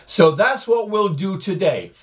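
Slow-talking, cheerful older man. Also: high voice, expressive. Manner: cheerful, chatty, slow and jokey. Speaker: flight sim video host. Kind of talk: casual chat to camera.

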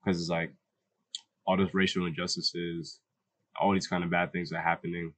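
A man speaking in a measured, thoughtful way in a documentary interview. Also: deep voice, little pitch movement, a bit bright, no room sound. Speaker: student interviewee.

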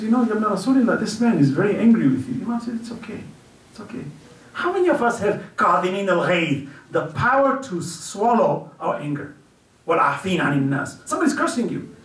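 A man giving an earnest storytelling religious lecture at a community celebration, dropping low and soft whenever he quotes someone. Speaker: guest speaker at a religious celebration. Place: community center hall at an event. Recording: echoey hall picked up from far off.

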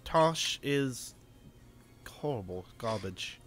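A man's voice: medium pitch, expressive, very slow, music in the background. A man joking crudely and bossing his friends around while playing a game. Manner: crude joking, bossy banter. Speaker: gamer. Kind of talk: casual chat while gaming.

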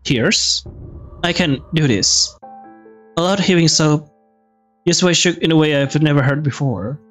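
A man's voice: on the high side, measured pace, a bit bright, soft background music. A man reading a visual novel's text aloud as he plays, stumbling and restarting words, with brief comments of his own. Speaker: let's play gamer.

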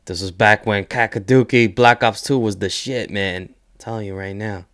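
A young man hosting a casual reaction video, excitable and swearing, full of "yo" exclamations and laughter. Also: lowish voice, normal speed.

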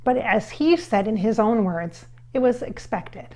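A woman's voice: a little high, expressive, a little slow, warm tone. A woman hosting her own channel as a psychic medium, chatting in a rambling, self-deprecating way. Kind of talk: casual chat.

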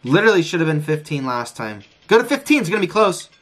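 A man streaming a casino session, frustrated, talking excitedly and repeating his pleas to the wheel. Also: a little high, fast. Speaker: gambling streamer. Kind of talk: live casino session commentary.

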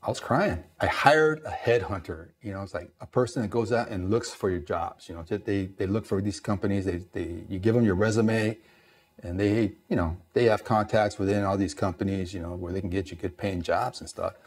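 Fairly low in pitch, a little fast, with a breathy edge, this middle-aged East Los Angeles man and Navy veteran is telling stories in an easygoing way. He gets animated, voices the people in his tales, and leans heavily on fillers.

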